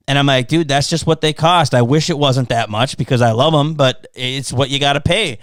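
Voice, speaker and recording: A man hosting a podcast talks a little fast with hardly any pauses in a clean, mid-range voice, telling a profanity-laced story and acting out both voices of an argument in casual chat. The studio sound is clean, with no room sound.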